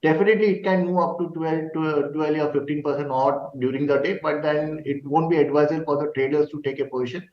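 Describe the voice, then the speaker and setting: Indian English market analyst on a remote feed, fairly high voice, echoey and far from the mic, dull sound. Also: male voice, steady tone, quick pace, few pauses. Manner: plain advisory, occasional restarts. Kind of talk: remote guest commentary. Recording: distant, roomy, dull remote line.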